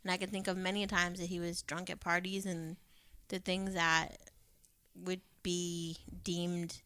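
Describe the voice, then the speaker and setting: A woman's voice: on the low side, flat delivery, a little slow, pushed and bright, clean tone, no room sound. A woman co-hosting a podcast, talking candidly in casual chat, swearing freely and acting out what people said. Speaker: podcast co-host.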